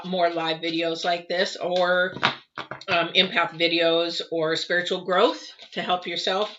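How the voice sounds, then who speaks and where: A woman's voice: lowish voice, bright, forceful tone. A woman reading tarot cards live for viewers, chatty and rambling, with many ums and restarts. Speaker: tarot reader. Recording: dull lo-fi with clear background noise.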